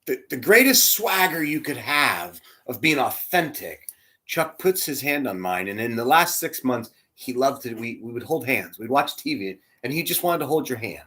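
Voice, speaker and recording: A man leading a church, telling a heartfelt personal story in a sermon, dropping to a hush and rising loud as he acts out the quotes. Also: mid-range voice, big pitch swings, normal speed. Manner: emotional, swings from hushed to loud, acts out quotes. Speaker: church spiritual leader.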